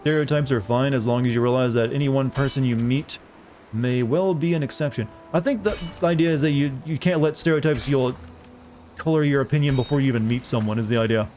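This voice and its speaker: Fast-talking man from the American South. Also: medium pitch, a little mellow, slight background noise. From Southern United States. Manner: rambling, chatty, swears casually. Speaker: streamer. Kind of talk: casual chat while gaming.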